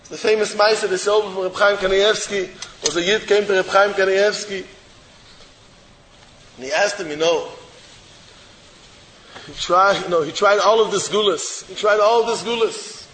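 A man with a high voice preaches a storytelling sermon as a rabbi, animated and hammering his points through repetition. His voice rings through a roomy hall with a long, lingering reverb. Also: normal speed, pauses often, a little hiss or hum. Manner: animated, repeats phrases for emphasis. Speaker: rabbi giving a Torah talk.

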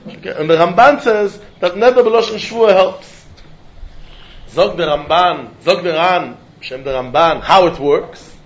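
Guy with a high voice running a talmud class, sing-song back and forth, kinda muffled lo-fi audio. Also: measured pace. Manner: mixes English with Yiddish and Hebrew terms, animated sing-song reasoning. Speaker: Talmud teacher. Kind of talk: Talmud study lecture. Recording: dull lo-fi recording.

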